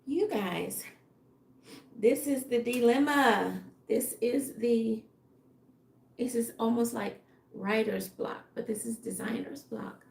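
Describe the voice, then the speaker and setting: A woman, a fashion designer, musing aloud in a casual live stream with a tired, fading voice, halting and unsure of her next step. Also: fairly high pitch, warm tone. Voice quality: gravelly. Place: home workroom. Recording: echoey room.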